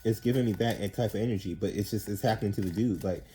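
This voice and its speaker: A man's voice: lowish voice, fast talker, slight background noise, poor audio. A man giving a casual tarot reading, rambling and slangy with plenty of profanity, often acting out the people he describes. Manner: animated, acts out quoted people. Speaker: tarot reader.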